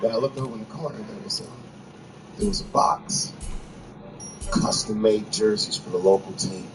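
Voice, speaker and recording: A man's voice: lowish voice, lively intonation, normal speed, noisy background. A man from Washington, D.C., telling a profane stand-up story and acting out its characters. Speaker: stand-up comedian. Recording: distant clip under loud music. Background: music from a game stream.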